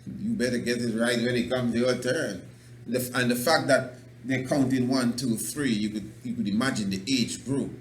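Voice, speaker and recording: A man's voice: mid-range voice, normal speed. Antiguan man preaching on talk radio. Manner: emphatic and preachy, with frequent chuckles; loose, repeats and restarts words. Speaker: radio show host. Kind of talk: animated talk-radio monologue. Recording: roomy echo, faint background noise.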